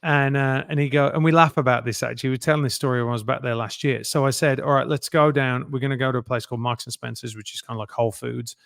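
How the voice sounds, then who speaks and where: A middle-aged man, a guest telling lively anecdotes and acting out other people's lines in a casual interview. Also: mid-range voice, quick pace, creaky, few pauses, dry recording, studio quality. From England.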